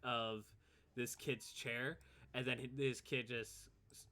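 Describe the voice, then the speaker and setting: A man narrating as game master for a tabletop game. His voice sits at an ordinary middle pitch, and he talks in a relaxed, loose way with frequent chuckles. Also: slow pace.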